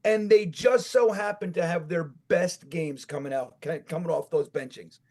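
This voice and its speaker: A man co-hosting a casual sports podcast with a New York accent, talking in an animated, profane rant that builds to shouts. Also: a little high, normal speed. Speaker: podcast co-host.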